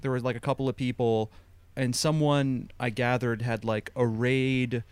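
Smooth-voiced man rambling through a wry story. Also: mid-range voice, steady tone, normal speed, dry recording. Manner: rambling and wry, heavy on "like" and restarts. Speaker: podcast co-host. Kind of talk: casual podcast chat, anecdote.

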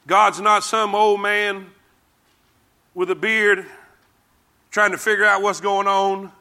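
Here a man delivers a sermon slowly in a high, flat voice that sounds pushed and bright. He repeats phrases with emphasis and leads the congregation in reading verses aloud.

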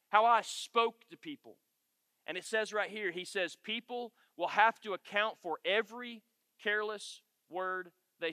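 A middle-aged man, leading a men's Bible study with animated, emphatic storytelling and repeated key phrases. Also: sits high, no echo. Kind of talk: storytelling sermon to a men's group.

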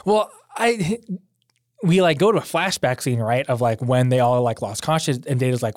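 A man's voice: mid-range voice, normal speed, no room sound, studio quality. A man chatting casually as a podcast co-host, swearing freely and laughing often. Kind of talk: casual recap chat.

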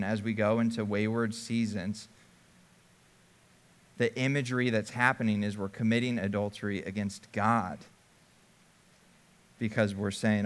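A man preaching a sermon, first reading scripture aloud and then explaining it in a conversational way. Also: on the low side. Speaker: pastor.

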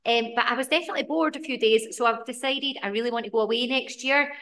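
A woman's voice: on the high side, quick pace, pushed and bright. A Scottish woman co-hosting a podcast, chatting casually and rambling round in circles as she talks. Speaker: podcast co-host.

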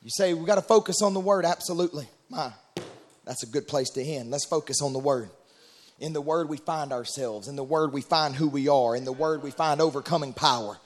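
A man preaching a Pentecostal sermon in a church, building from quiet teaching to shouted, rhythmic calls. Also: a little high, brisk, slight background noise.

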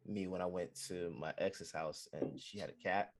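A man chatting casually about films with friends in a relaxed, joking way. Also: sits low, normal speed.

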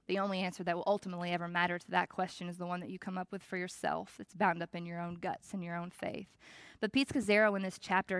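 A woman's voice: fairly low pitch, fairly bright tone, clean tone, dry recording. Reflective woman preaching, dry sound. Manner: reflective, conversational preaching with pauses. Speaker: pastor. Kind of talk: sermon.

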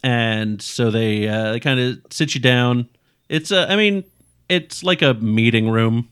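A man's voice: mid-range voice, a little slow, clear, resonant tone. Man narrating as game master. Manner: relaxed, rambling, filler-heavy. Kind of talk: narrating a tabletop role-playing game.

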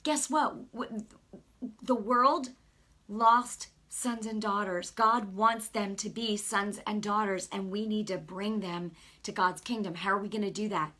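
Husky-voiced woman preaching conversationally. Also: mid-range voice, fairly even intonation, a little slow, sharp tone. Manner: earnest, conversational, lots of "you know" asides. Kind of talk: informal sermon with personal story.

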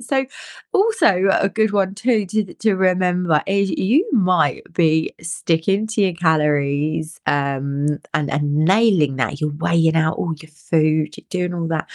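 A woman co-hosts a relaxed podcast chat as a fitness coach, with a fairly low voice. She talks in a chatty, animated way, often restarting her phrases. The recording is close and dry. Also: a little slow, no room sound. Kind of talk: casual chat.

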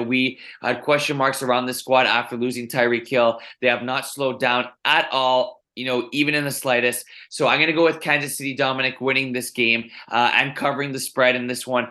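Guy on a football podcast, bright forceful voice, says uh and you know a lot. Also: mid-range voice, steady tone, brisk, hardly any pauses. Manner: repeats the co-host's name, many fillers. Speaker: podcast co-host. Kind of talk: casual sports talk.

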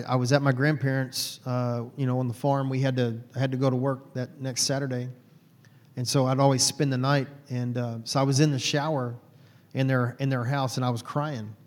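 A man's voice: mid-range voice, long reverb tail. A man from Texas, a guest telling his personal faith story in an earnest, heartfelt way.

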